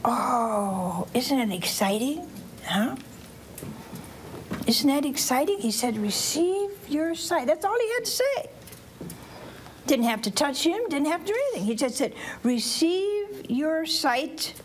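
A high-voiced woman preacher speaks at a measured pace with frequent pauses, and there's slight background noise. Telling a Bible story to children and families in church, she stays animated, asks questions of her listeners, and acts out voices.

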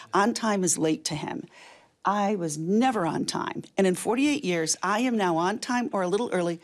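An older woman, a guest, tells a lively story in a casual conversation and laughs as she talks. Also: fairly low pitch. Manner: animated, lively storyteller who laughs between lines.

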